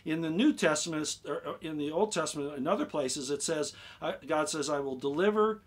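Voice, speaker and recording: Excitable man talking on a live stream. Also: on the high side, a little fast. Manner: excitable, repeats himself, asks the chat "okay?". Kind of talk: casual live stream explanation.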